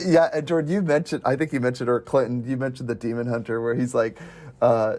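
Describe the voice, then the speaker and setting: A man with a slightly higher voice than most hosts a relaxed movie review chat with friends. He talks animatedly, laughing often and acting out quotes from the film in quick bursts. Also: husky. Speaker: podcast host.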